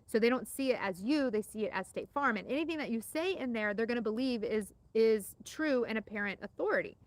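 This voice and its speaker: A woman's voice: fairly high pitch, a little fast. A woman teaching an insurance exam-prep lesson in a chatty, casual way, with lots of fillers and repeated words.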